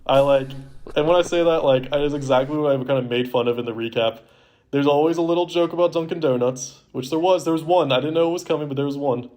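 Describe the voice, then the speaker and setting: A man's voice: on the high side, fast talker, darkish tone. A young man in his twenties, co-hosting a casual podcast, rambling with many "like" fillers. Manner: rambling, heavy use of "like" fillers. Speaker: podcast co-host. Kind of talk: casual chat.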